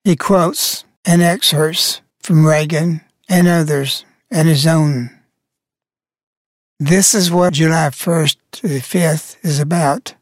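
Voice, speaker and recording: A woman hosts a religious broadcast in a slow, deliberate delivery. Her tone is preachy and scolding, hammering each point home. The sound is dry and close. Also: low-pitched, fairly even intonation, dry recording. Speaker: broadcast host. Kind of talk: religious radio commentary.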